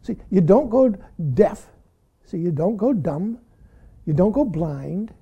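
A man's voice: high-pitched, lively intonation, slow pace, husky, highs cut off. A man giving a dharma talk as a Zen teacher, blunt and teasing, who laughs readily and keeps saying "see".

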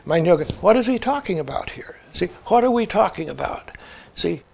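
A man giving a reflective Zen dharma talk, often saying "see" and dropping to hushed tones. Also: high voice, sing-song, moderate pace, creaky. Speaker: Zen teacher.

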